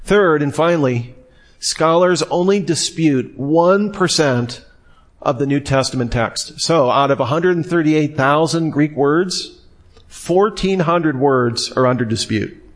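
A man's voice: a little high, unhurried. Man lecturing a class, wry and chatty. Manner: conversational, wry asides. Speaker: teacher.

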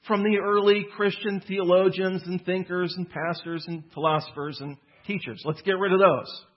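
A man preaching a sermon to a gathered audience in an earnest, teaching manner. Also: high-pitched. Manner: earnest teaching, slows for emphasis on quotes. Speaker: pastor. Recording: dull lo-fi sound.

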